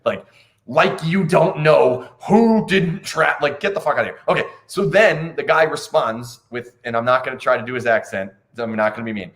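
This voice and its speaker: A man's voice: medium pitch, fast talker, hardly any pauses, fairly bright tone. Guy doing a casual hockey recap, blunt, kinda incredulous, swears a bit. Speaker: hockey podcast host. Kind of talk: casual post-game analysis.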